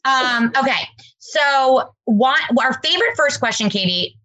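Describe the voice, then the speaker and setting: Brief: woman podcast host, warm rambling storyteller, slightly dull audio. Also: sits high, animated, a little slow. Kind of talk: casual interview chat.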